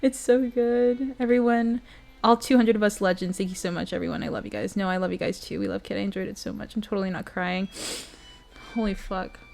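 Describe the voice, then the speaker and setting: A woman's voice: mid-range voice, steady tone, a little fast, gravelly, darkish tone. A young adult woman streamer reading a bedtime story and chatting with her viewers, earnest and emotional.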